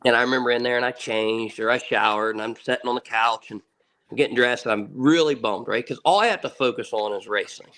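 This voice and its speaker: A man's voice: medium pitch, fast, bright, forceful tone. A man in his thirties, a guest on a podcast, telling a story in an earnest, casual way, repeating words and swearing offhandedly. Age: 30s. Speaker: podcast guest, ATV racer.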